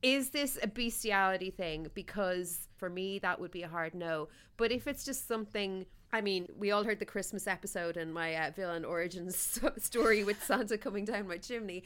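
A woman's voice: mid-range voice, moderate pace, hardly any pauses, a bit bright, clean tone. A woman co-hosting a podcast, giving playful, bawdy advice in casual chat. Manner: bawdy, playful, bursts into silly sing-along. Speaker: podcast co-host.

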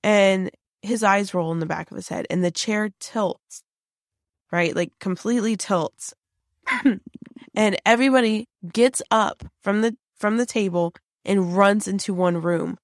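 A woman's voice: medium pitch, unhurried, dry recording. Woman, psychic, casual storytelling, rambling, restarts, fillers, dry close sound. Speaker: team psychic on a paranormal show.

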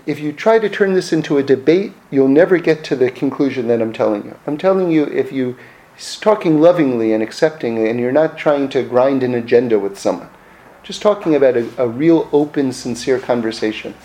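A man's voice: on the high side, sing-song, a little fast, warm tone, rough recording. A man teaching in casual conversation, who repeats key phrases for emphasis and acts out the voices of the people he describes.

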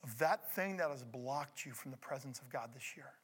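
A middle-aged male pastor preaching a sermon, moving between loud emphatic passages and hushed, intimate asides. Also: medium pitch, lively intonation, moderate pace, husky.

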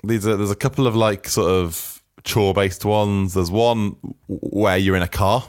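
A man's voice: on the low side, fairly even intonation, moderate pace, no room sound, clean studio sound. A man co-hosting a podcast, running a quiz in a teasing way and laughing often. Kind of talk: casual chat.

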